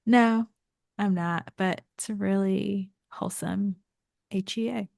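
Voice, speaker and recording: A woman's voice: mid-range voice, steady tone, takes it slowly, creaky, a little mellow, no room sound, clean studio sound. A woman co-hosting a book podcast, talking in a laid-back, chatty way. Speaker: podcast co-host. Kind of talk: casual book chat.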